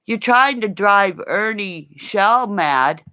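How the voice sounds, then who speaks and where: A woman ranting in a rambling, profane livestream, swinging between low growling threats and high shouting. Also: expressive, slow, smooth.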